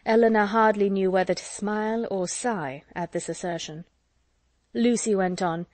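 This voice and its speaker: A woman reads a classic novel aloud as an audiobook narrator, calm and even. Her voice is mellow, and the recording is close and dry. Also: medium pitch, normal speed, no room sound. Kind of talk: scripted narration.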